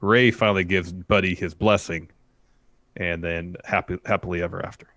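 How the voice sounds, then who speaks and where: Low-pitched and a bit bright, this man speaks in a steady tone at a moderate pace over a dry recording. As a podcast co-host, he chats through a wrestling show's events blow by blow, sprinkling in lots of fillers.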